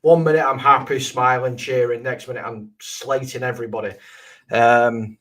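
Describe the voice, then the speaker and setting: A man's voice: medium pitch, fairly even intonation, normal speed, fairly bright tone. A tired man on a fan show, bluntly venting his annoyance about a match. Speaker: co-host pundit. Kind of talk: casual football chat.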